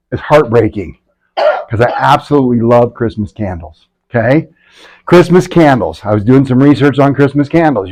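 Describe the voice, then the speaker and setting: A man leading a live health workshop in a room full of people. He talks energetically and keeps checking in with his listeners. His voice sits a little on the high side. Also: a little mellow, low-quality recording. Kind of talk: live workshop talk to an audience. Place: indoor room with a live audience.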